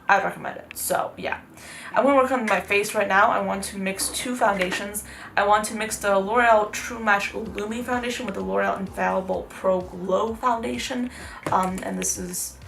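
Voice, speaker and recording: A woman's voice: medium pitch, gravelly, fairly bright tone, a little hiss or hum. A young woman chatting casually through a makeup tutorial, rambling with lots of "like" fillers. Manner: chatty, rambling, heavy use of "like". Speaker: beauty vlogger.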